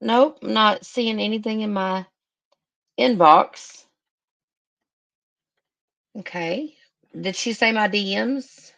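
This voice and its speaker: A woman's voice: mid-range voice, slow, gravelly, pauses often, a bit bright. A woman hosting a casual live stream, chatting and thinking aloud with emotion.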